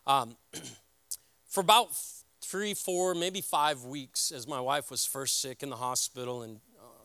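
A middle-aged man preaching a sermon as a pastor, earnest and halting, speaking from the heart. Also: mid-range voice, sharp tone, clear, resonant tone, no echo.

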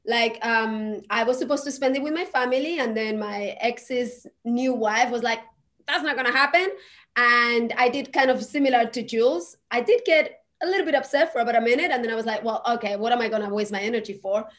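Co-hosting a podcast, a woman chats casually and turns stories into lessons, addressing her listeners as "people." Her fairly high, slightly bright voice moves a little fast, and she sounds emphatic, encouraging, and motivational.

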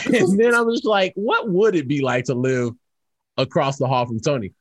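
A man co-hosting a podcast, telling stories in casual banter and often breaking into high squeals and laughs. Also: moderate pace. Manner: animated storyteller, jumps into high squeals and laughs. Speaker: podcast co-host.

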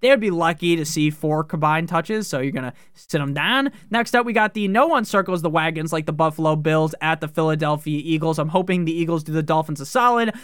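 A man's voice: a little high, fairly bright tone, clear, resonant tone, dry recording, studio quality. A man hosting a fantasy football podcast, joking and swearing through casual commentary. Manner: profane, joking, fast-talking.

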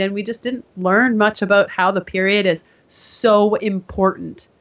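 Lively woman telling her story, lo-fi sound. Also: medium pitch, moderate pace. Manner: animated, acts out quoted voices. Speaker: guest. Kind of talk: casual interview storytelling. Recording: dull lo-fi sound.

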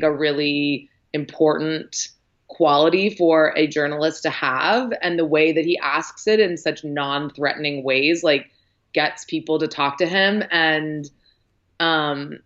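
A woman with a very low voice chats about a film on a podcast, full of "like" and "um" and quick acted-out quotes. Her sound is a little dull and muffled. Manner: chatty, lots of likes and ums, acts out quotes. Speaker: podcast guest, film critic. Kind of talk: casual film discussion.

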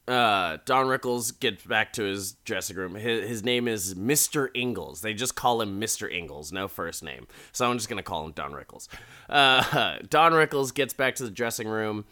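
A man's voice: on the low side, lively intonation, normal speed, bright, forceful tone. A man casually recapping a TV episode with chatty, crude, laughing asides. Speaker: podcast host recapping an episode.

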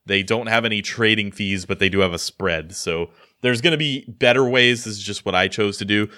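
Bright-voiced American man, rambling podcast chat. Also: lowish voice, a little fast. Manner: rambling, self-deprecating, many restarts. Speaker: podcast co-host. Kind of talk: casual chat.

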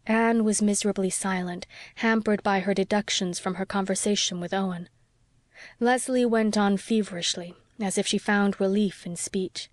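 Woman reading an old novel aloud, measured and expressive, close mic with no room echo at all. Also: mid-range voice. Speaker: audiobook narrator. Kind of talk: scripted narration.

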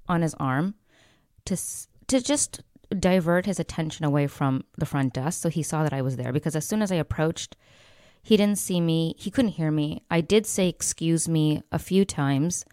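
A woman hosting a podcast, telling a story from work and giving calm advice, at times dropping her voice almost to a whisper. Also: sits low, no room sound, clean studio sound. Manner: calm, measured, drops to a near whisper for quoted lines. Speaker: podcast host.

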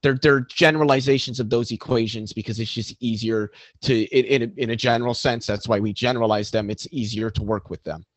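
A man in a live online debate, explaining physics with many halting restarts. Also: medium pitch, fairly even intonation, no room sound, poor audio. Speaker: debate guest.

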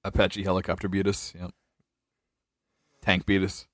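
A man's voice: low-pitched, monotone, normal speed, no echo, studio quality. A young man from North Carolina hosting a casual podcast, joking, laughing often and trailing off in restarts. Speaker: podcast host. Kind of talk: casual chat.

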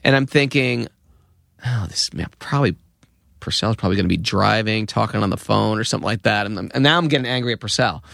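Gravelly man spinning a lively yarn. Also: fairly low pitch, fairly quick, no echo, studio quality. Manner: lively storyteller acting out quoted voices. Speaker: podcast guest. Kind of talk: anecdotal storytelling.

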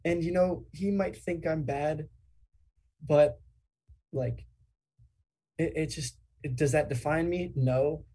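A man's voice: on the high side, fairly even intonation, takes it slowly, pauses often, dark tone, breathy edge. A young man on a podcast, talking things over in a reflective, rambling way with lots of fillers. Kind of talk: casual podcast chat.

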